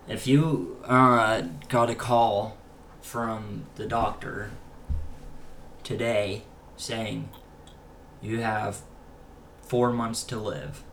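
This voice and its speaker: A young man co-hosting a podcast, asking questions in a relaxed, casual chat. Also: lowish voice, drawn-out words, pauses often. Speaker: podcast co-host. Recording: faint background noise.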